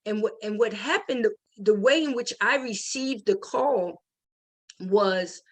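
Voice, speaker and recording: A woman's voice: mid-range voice, measured pace. A middle-aged woman hosting a faith testimony talk, speaking in a heartfelt way with many restarts and fillers. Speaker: host.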